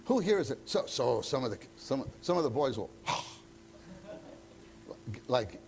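A man's voice: mid-range voice, sing-song, measured pace, darkish tone, a little hiss or hum. A man leading a church teacher-training meeting, talking conversationally and acting out bits of dialogue. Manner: conversational, acts out quoted dialogue.

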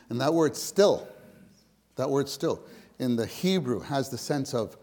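A man giving an informal sermon to fellow believers, conversational and repetitive, swinging between loud emphasis and hushed, near-whispered words. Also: medium pitch, expressive, a little slow. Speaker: church speaker.

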